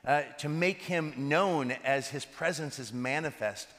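A man, a pastor, giving a sermon that is full of lively stories. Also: on the high side, a little slow. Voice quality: animated, laughs between anecdotes. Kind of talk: sermon with storytelling. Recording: reverberant hall.

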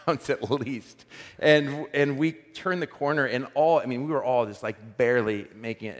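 Male pastor, 30s, slightly high voice, lively humorous sermon, hall echo. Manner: animated storytelling, self-deprecating humor. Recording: long hall reverb.

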